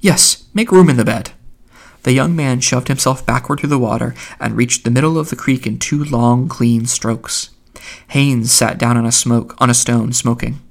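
A man reading a literary novel aloud as an audiobook narrator, in a measured, even delivery. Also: mid-range voice, creaky.

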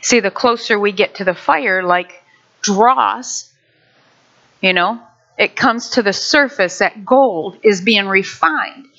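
Bright-voiced woman sharing a testimony. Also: mid-range voice, slow, highs cut off. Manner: animated storyteller, acts out quotes. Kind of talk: personal testimony.

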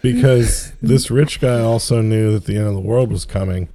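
A man with a lowish, mellow voice talks in a relaxed, casual chat. He drops dry, offhand jokes without raising his energy. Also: moderate pace, no room sound.

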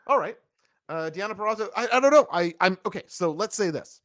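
A man's voice: sits high, lively intonation, fairly quick, fairly bright tone, no echo, clean studio sound. A man hosting a live wrestling review, blunt and opinionated, reading out chat comments. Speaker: wrestling review podcast host.

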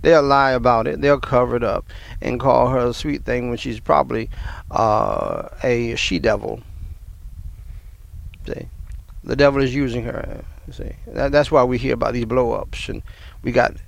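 A man's voice: medium pitch, lively intonation, a little slow, gravelly. A man in his fifties preaching a sermon, rambling and restarting his words. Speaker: pastor.

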